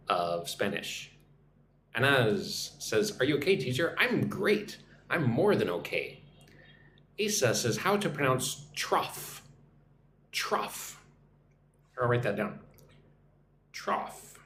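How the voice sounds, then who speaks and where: A man's voice: mid-range voice, fairly bright tone, roomy sound, a little hiss or hum. Chatty man teaching English live. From United States. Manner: chatty, reads out comments, greets viewers in their languages. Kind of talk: live stream chat with viewers.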